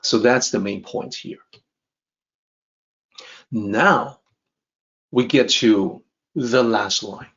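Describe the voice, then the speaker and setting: A man explaining an ancient text as a teacher, in a calm, measured lecture that repeats points for emphasis. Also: on the low side. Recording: dull, slightly muffled recording.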